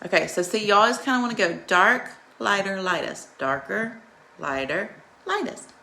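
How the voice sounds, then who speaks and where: A woman's voice: mid-range voice, animated, moderate pace, gravelly, pushed and bright. A woman hosting a live makeup tutorial, chatting and greeting viewers by name while coaching them through each step in a reassuring way.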